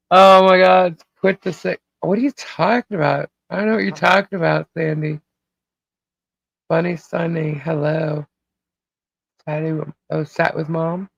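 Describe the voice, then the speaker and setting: A slightly hoarse slow-talking woman. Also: mid-range voice, dry recording. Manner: chatty, laughs often, reads out viewer names. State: voice a little hoarse. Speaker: podcast host greeting live chat. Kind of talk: casual live-stream chat. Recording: dull lo-fi stream audio.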